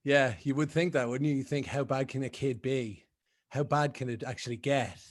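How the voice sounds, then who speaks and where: A man's voice: medium pitch, fairly even intonation, moderate pace, natural voice. A man improvising a nervous father who stammers and apologizes in a comedy scene. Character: anxious middle-aged father.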